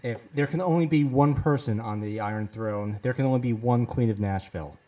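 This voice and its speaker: A man co-hosting a casual chat who explains his points in a measured way, with frequent uh fillers. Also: medium pitch, mellow, far from the mic. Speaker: podcast co-host. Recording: voice set back from the mic.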